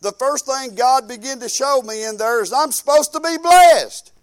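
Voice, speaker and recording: A man preaches in church with a notably high voice. His delivery is folksy and fervent, swinging from loud proclaiming down to quiet, reflective asides. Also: moderate pace, smooth. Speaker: pastor. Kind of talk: sermon.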